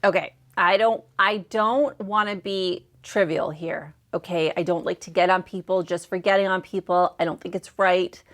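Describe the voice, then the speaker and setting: A woman's voice: fairly low pitch, steady tone, moderate pace, hardly any pauses, fairly bright tone. A woman hosting a reaction video, giving candid opinions with hesitant, apologetic asides. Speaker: commentary host reacting to clips. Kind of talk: casual opinion commentary.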